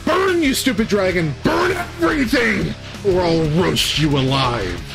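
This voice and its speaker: A man voicing an entitled, demanding female tiefling adventurer in a tabletop game, shrill and indignant. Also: wildly swooping pitch, moderate pace, over loud music. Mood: shrieking.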